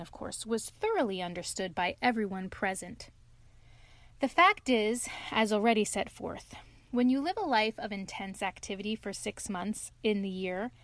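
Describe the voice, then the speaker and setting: A woman narrating a classic storybook in a measured, even reading manner. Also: a little high, no room sound.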